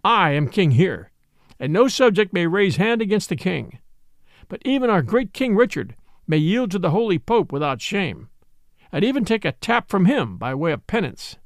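A merry, proud outlaw chief from a storybook, as a male narrator voices him, declaiming boldly. The voice is high with wide pitch swings, in a dry, close recording. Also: big pitch swings, normal speed, no room sound.

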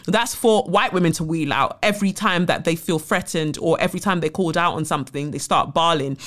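A woman hosting a podcast, talking bluntly and indignantly, with frequent swearing. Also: fairly low pitch. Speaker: podcast host. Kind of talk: podcast monologue reading a listener letter.

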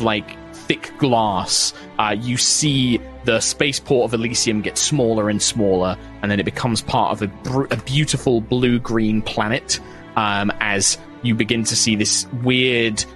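A man's voice: lowish voice, a bit bright. A man narrating as game master of a tabletop role-playing game, loose and chatty with lots of fillers. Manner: chatty, many fillers, laughs at own lines.

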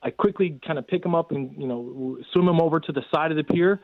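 A man's voice: on the high side, quick pace, dry recording. A man in casual storytelling, rambling with many fillers as he recounts events. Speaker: guest telling a rescue story. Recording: tinny phone line.

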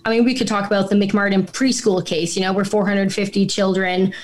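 A woman's voice: mid-range voice, steady tone, a little fast. A woman guest on a casual podcast chat who talks in a profane, rambling and incredulous way.

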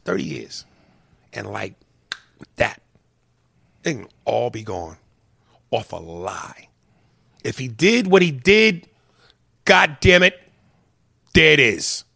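A man tells a story as a heated, profane rant, his gravelly, husky voice swinging between loud outbursts and low muttered asides. There's no room sound.

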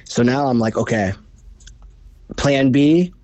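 Male bowhunting guest, mid-pitched, swearing through an excited story, dry close sound. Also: no room sound, muffled recording. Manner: animated, profane, fast retelling. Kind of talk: casual storytelling.

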